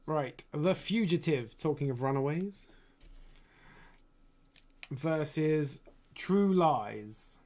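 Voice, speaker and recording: A man's voice: a little high, lively intonation, very slow, pauses often, darkish tone. A man hosting a live-stream film vote, chatting casually and laughing often.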